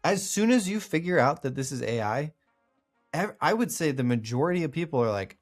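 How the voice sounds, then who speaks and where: A man co-hosting a casual chat, animated and mocking stock AI phrasing with exaggerated groans. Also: a little high, brisk, faint music behind. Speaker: podcast co-host.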